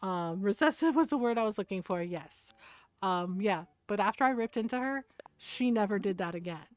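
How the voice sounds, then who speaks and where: A woman's voice: medium pitch, lively intonation, moderate pace, dry recording, faint music behind. A woman streamer telling a story while gaming, swearing freely, laughing often and heatedly quoting herself. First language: Tagalog.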